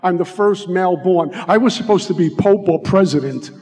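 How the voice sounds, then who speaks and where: A middle-aged American man tells his recovery story in a heartfelt way, drawing out key words. His voice sits high for a man. It rings with the long reverb of a large hall. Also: darkish tone, slight background noise. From United States. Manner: heartfelt, slows down for emphasis. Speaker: recovery speaker. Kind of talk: personal testimony talk.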